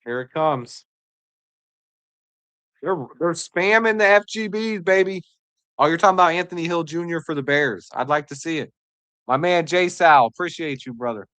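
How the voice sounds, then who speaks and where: A woman hosting a live draft reaction stream, excitable and joking, answering chat as she goes. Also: deep voice, moderate pace, pauses often, no room sound.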